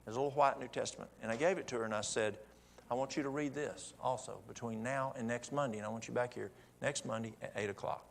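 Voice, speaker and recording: Gravelly man telling a church testimony. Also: mid-range voice, quick pace, slight background noise. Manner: folksy testimony storytelling with quoted dialogue. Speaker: church speaker. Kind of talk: sermon storytelling.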